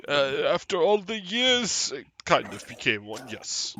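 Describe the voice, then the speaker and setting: A man's voice: fairly high pitch, sing-song, unhurried, pushed and bright, a little hiss or hum, pitched above the performer's own voice, heavily acted. A man voicing an ancient male elf sage who speaks in a polite, rambling, old-fashioned way. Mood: amused.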